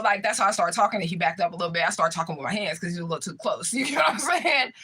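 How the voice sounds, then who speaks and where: A woman talks casually to her viewers, spinning an animated story laced with profanity and fillers. Her voice is bright and sharp, at a middle pitch. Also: quick pace, husky. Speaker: spiritual reader and vlogger. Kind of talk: casual live chat to viewers.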